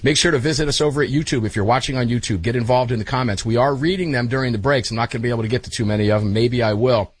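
Folksy middle-aged radio host, husky. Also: male voice, medium pitch, rapid-fire, few pauses, no room sound. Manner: energetic, folksy, calls people brother. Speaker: radio talk show host. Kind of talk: live talk radio hosting. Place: radio studio.

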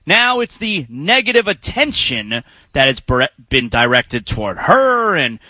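A man hosting a sports radio show, chatting casually and drifting into quick asides at a studio microphone. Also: a little high, sing-song, pushed and bright, no room sound. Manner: conversational, trails into quick asides.

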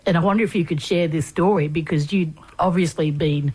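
A woman interviewer who asks questions hesitantly, pausing and searching for words. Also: low-pitched, warm tone, breathy edge, rough recording.

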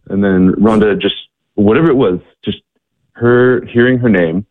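A man being interviewed about his ministry work, telling a story with halting restarts and fillers. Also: fairly low pitch, no echo, phone-quality sound. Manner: halting, many restarts and fillers, acts out quotes. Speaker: ministry guest.

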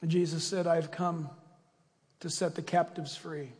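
A man's voice: on the high side, level tone, normal speed, darkish tone, in a large hall. A man pastor preaching a sermon, acting out quoted voices and closing in a fervent prayer.

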